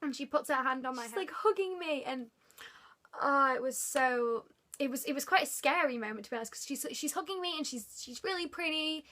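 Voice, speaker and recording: A woman vlogger telling a story casually to the camera, excitable and gushing, filling her talk with "like". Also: sits high, fairly quick.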